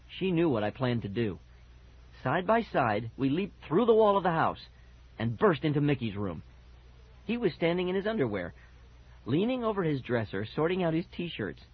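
Husky-voiced man narrating a kids' story. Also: mid-range voice, no echo. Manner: lively, animated storytelling. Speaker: audiobook narrator. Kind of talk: expressive first-person storybook narration. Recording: dull lo-fi audiobook recording.

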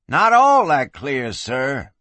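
A man's voice: mid-range voice, wildly swooping pitch, slow, a bit bright, husky, dry recording, exaggerated voice. A man voicing a cocky, sarcastic young cowboy troublemaker who boasts.

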